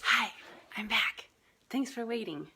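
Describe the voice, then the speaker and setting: A woman's voice: a little high, lively intonation, takes it slowly, gravelly, very noisy. A woman coach talking casually on a live group call, chatty, laughing often, with many fillers. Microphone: phone.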